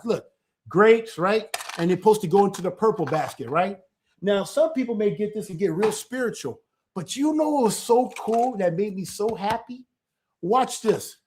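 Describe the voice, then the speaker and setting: A man's voice: high-pitched, slight background noise. Chatty man checking in with "right?". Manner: animated, keeps checking in with "right?"; repetitive, stumbles and restarts. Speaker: church elder. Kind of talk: casual informal teaching.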